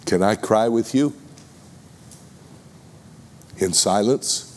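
A man with a Texas accent preaching a sermon, deliberate and addressing the congregation with questions. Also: lowish voice, darkish tone, big-room sound.

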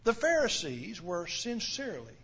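A man's voice: sits high, wildly swooping pitch, normal speed, fairly bright tone, breathy edge, muffled recording. A man preaching a sermon in an earnest, questioning way, often repeating words as he starts a sentence.

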